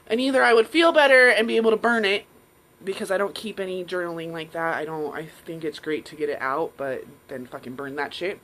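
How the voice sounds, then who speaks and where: A woman's voice: fairly low pitch, brisk, fairly bright tone, poor audio. A woman hosting a live stream, talking frankly and casually with some swearing and acting out her own inner voices. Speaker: live show host. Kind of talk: candid live-stream monologue.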